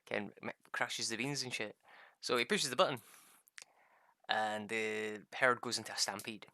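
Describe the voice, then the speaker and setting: Young male gamer, bright forceful voice, dry close mic, rambling and sweary. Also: fairly low pitch, fairly even intonation, normal speed, dry recording. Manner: rambling, swears freely, laughs at own stories. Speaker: gaming streamer. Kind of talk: casual gameplay chat.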